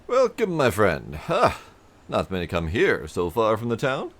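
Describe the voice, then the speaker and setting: A man's voice: lowish voice, wildly swooping pitch, measured pace, a bit bright, heavily acted. A man voicing a friendly, chatty male bridge construction supervisor in a game, reading the lines in a raised, courteous, slightly theatrical voice.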